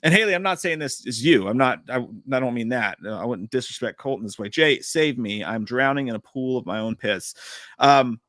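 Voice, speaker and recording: A man's voice: medium pitch, expressive, brisk, a bit bright, dry recording, clean studio sound. A man hosting a live stream, chatting casually and reading out viewer comments in a rambling, profane, joking way. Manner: reads viewer chat aloud. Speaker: podcast host.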